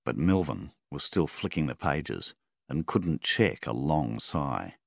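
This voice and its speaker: A man narrating a story in a measured, steady reading style. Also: very deep voice, gravelly, no echo, clean studio sound. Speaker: audiobook narrator. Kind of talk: scripted narration.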